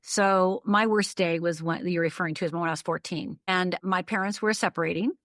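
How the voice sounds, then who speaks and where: A woman's voice: on the low side, steady tone, a little fast, fairly bright tone, no room sound, studio quality. An older woman from the northern United States telling a personal story as a podcast guest, vivid, detailed and emphatic. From Upper Michigan, USA.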